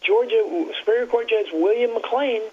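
This clip has narrow, tinny audio of a man whose very high-pitched voice carries a breathy edge. He's making casual talk-radio conversation in a meandering, halting way, often breaking off and starting his sentences over.

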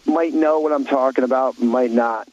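A man's voice: mid-range voice, fairly even intonation, normal speed, over a noisy crowd. Blunt, rambling man on a lo-fi talk show. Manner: blunt, rambling, many restarts and fillers. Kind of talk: opinionated talk show chat.

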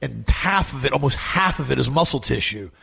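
A man co-hosting a talk show, telling personal stories in a relaxed, conversational way with frequent restarts. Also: medium pitch, creaky, breathy edge. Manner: conversational storytelling, halting restarts. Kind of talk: casual chat.

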